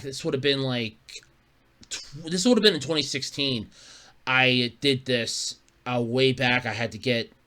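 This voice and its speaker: Bright-voiced man rambling on a podcast. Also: medium pitch. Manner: rambling, swears casually, chuckles often. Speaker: podcast host. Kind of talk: casual solo podcast chat.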